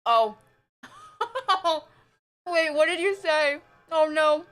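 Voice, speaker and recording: A woman streams live as she eats, reading viewer messages and chatting casually, frequently laughing and sounding excited. Her voice sits high, and she speaks unhurriedly.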